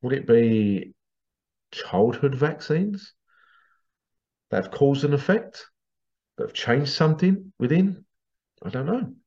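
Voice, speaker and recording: A man's voice: mid-range voice, lively intonation, takes it slowly, pauses often, warm tone, highs cut off. A man hosting a podcast monologue, ranting in an indignant, sarcastic way and swearing casually. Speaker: podcast host.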